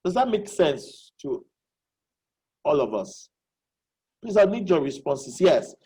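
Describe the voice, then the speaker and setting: Speaking slowly but with great animation, a webinar facilitator guides a live online lecture, going back over key questions and confirming the audience understands. The voice is medium in pitch, mellow and husky. Captured on a video call, the recording sounds rough.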